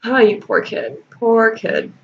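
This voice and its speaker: A woman reads fanfiction aloud and tears into it with sarcasm, swearing freely and often laughing. She takes her time with an unhurried pace. The recording sounds dull and lo-fi, with a faint hiss underneath. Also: on the high side, gravelly. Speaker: host. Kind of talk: sarcastic fanfiction reading and critique.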